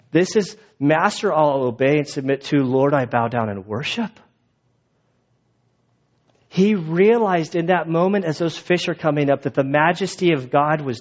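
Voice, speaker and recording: A male pastor preaches with a voice pitched a little high for a man, and his delivery stays lively as he slips into the voices of the people he quotes. The recording is dull and lo-fi. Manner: animated, acts out quoted voices. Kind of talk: sermon.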